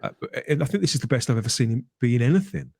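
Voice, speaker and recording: A man talking in a casual podcast discussion, enthusiastic and emphatic, stumbling and repeating words as he gets excited. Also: medium pitch, racing, creaky, dry recording, clean studio sound. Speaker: guest podcaster.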